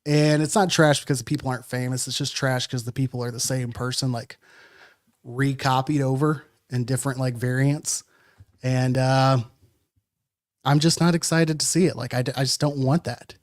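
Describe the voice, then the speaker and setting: A man's voice: medium pitch, steady tone, normal speed. A man co-hosting a casual sports podcast, rambling and joking with lots of filler words. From Madison, Wisconsin. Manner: rambling, jokey, many fillers. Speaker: podcast co-host.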